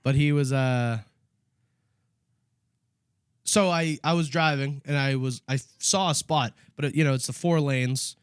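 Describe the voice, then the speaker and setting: A man co-hosting a casual comedy podcast, laughing often and shouting mock-angry bits as he tells stories. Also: medium pitch, measured pace, pauses often, smooth, no echo, studio quality. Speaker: podcast co-host.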